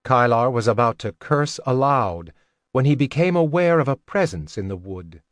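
A man narrates a fantasy audiobook with a measured, even delivery at a middling pitch. The recording is close and dry, with no room sound. Each line is read with steady control. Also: no room sound.

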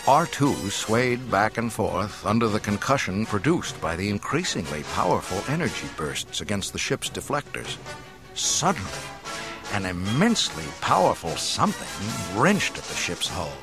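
A man narrating an audiobook in a dramatic, expressive storytelling manner. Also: fairly low pitch, normal speed, over music. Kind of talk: scripted narration.

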